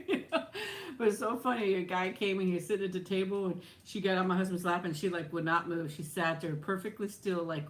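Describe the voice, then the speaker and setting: A woman's voice: fairly low pitch, steady tone, brisk. A middle-aged woman chatting on a live stream, rambling through viewer questions and laughing often. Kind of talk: casual live-stream chat.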